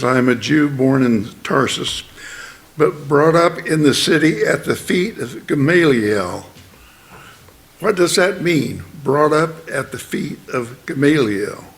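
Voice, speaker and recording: A man preaching at an unhurried pace, pausing often and restarting his sentences as he explains. His pitch sits in an ordinary middle range for a man. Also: vocal fry, a bit bright. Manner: slow, halting, with many fillers and restarts; explanatory, plain teaching tone. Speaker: church speaker. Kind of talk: sermon.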